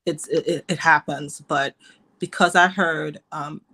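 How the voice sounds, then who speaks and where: A woman's voice: low voice, steady tone, a little slow, sharp tone. A woman speaking as a panel guest, insistent and emphatic, repeating her points. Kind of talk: live online panel discussion.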